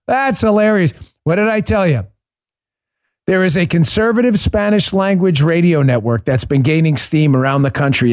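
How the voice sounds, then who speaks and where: A middle-aged man doing political commentary as a podcast host, his voice sitting a little high for a man. He hammers away with sarcasm and repeated rhetorical questions. The sound is close and dry, with no room around it. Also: dry recording.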